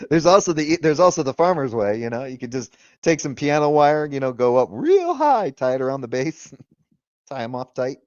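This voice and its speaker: A man's voice: mid-range voice, big pitch swings, moderate pace, darkish tone, dry recording, highs cut off. A man hosting a casual livestream, talking loosely, swearing freely and laughing often. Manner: retells arguments in quoted voices. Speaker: livestream host.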